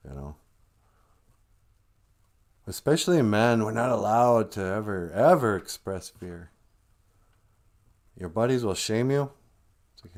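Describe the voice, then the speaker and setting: A man talking loosely on his own livestream, wandering from thought to thought and cracking jokes as he goes. His voice sits on the low side. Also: sing-song, unhurried, long pauses, a little mellow. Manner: rambling, joking, laughs often. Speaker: livestream host. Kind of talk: casual monologue.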